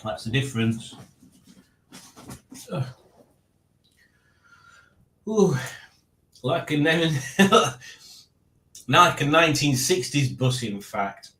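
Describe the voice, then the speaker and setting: A man's voice: a little high, expressive, very slow, long pauses, fairly bright tone, echoey room. A man hosting a live stream from home, casually chatting and reading out the chat with dry, playful teasing. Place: home room.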